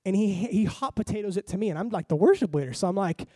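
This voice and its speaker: A man pastor preaches in a storytelling way, acting out his own reactions as he goes. His voice sits a little high but has a mellow, warm tone. The sound is close and dry. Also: animated, fast talker, no room sound. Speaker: lead pastor. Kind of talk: storytelling sermon.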